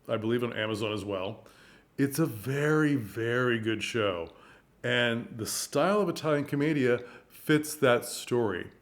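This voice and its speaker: Animated man teaching theatre craft. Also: fairly low pitch. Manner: animated, acts out lines and gestures. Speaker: theatre director. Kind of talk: casual teaching monologue.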